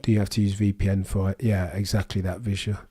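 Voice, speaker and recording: A young English livestream host from Birmingham, with that city's accent, chats with viewers during a live race watchalong, reading comments aloud and dropping dry quips. His voice is deep, husky and warm, quick-paced with little pitch movement.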